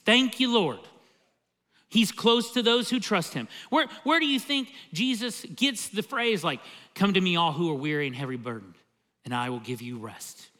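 Male pastor, high bright voice, emphatic, chatty preaching style. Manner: emphatic and conversational, often opens with "See,". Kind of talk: sermon.

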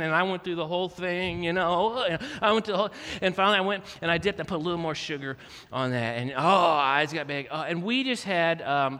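A middle-aged man preaches with a lively, self-mocking storytelling manner, acting out the voices in his anecdotes. His voice sits high and sounds bright and forceful. It rings out with a long reverb, as if he were in a large church hall. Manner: animated, self-mocking, acts out quotes. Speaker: guest speaker. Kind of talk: storytelling sermon.

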